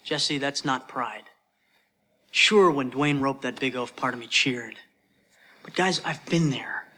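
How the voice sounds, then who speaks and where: An actor playing an adult male hockey coach in a film scene, giving his team a steady, earnest pep talk. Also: medium pitch, slow, slight background noise. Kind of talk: film scene played on a podcast.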